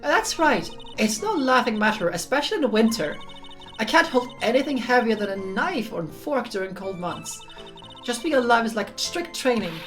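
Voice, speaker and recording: A woman's voice: fairly high pitch, sing-song, normal speed, fairly bright tone, soft background music, voice pushed up. A woman voicing a chatty older nun with a bad back, reading game dialogue in a hearty, exaggerated manner.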